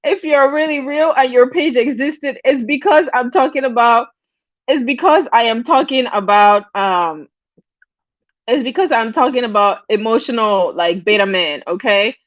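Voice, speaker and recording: A woman's voice: a little high, moderate pace, dry recording. A woman hosting a casual livestream, reading the chat aloud, rambling with restarts and bursting into laughter often. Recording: dull lo-fi dry sound.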